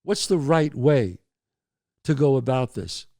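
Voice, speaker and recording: A man's voice: medium pitch, takes it slowly, no room sound, clean studio sound. A man hosting a show, telling neighborhood stories and giving advice, calling his listeners folks with emphatic asides. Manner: animated storyteller with emphatic asides. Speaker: host.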